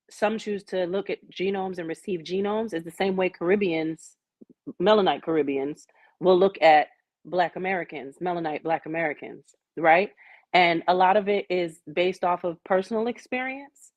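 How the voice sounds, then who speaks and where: A young adult woman from Jamaica hosting a casual group discussion, speaking candidly and telling personal stories with animated asides. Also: on the low side, moderate pace, no room sound, muffled recording.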